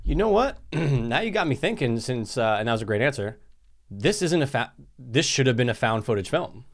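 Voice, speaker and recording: A man's voice: medium pitch, very animated, normal speed. Easygoing male podcast co-host. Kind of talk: casual movie review chat.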